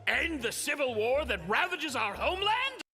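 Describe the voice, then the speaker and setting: An actor playing a pompous, condescending noble knight who speaks in stiff formal phrasing, in an animated series. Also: male voice, extremely high pitch, normal speed, in a large hall, soft background music, full character voice. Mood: haughty.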